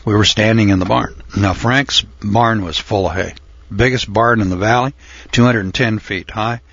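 A man's voice: fairly low pitch, fairly even intonation, normal speed, fairly bright tone, no echo, dull audio. Older man telling a rambling folksy story. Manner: rambling, with frequent uh and throat clearing. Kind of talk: folksy spoken reminiscence.

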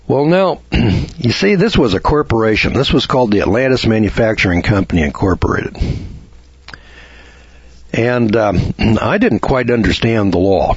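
Folksy man lecturing, husky voice. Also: fairly low pitch, expressive, normal speed, no echo, highs cut off. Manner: folksy storytelling, rhetorical questions. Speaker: radio lecture host.

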